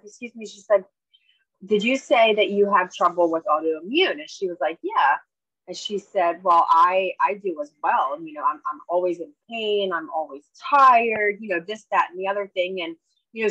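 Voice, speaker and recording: Woman, husky, dry sound, storytelling on a video call, chatty. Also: medium pitch, fairly bright tone, dry recording, low-quality recording. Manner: chatty, acts out both sides of conversations. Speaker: network marketing distributor sharing a story.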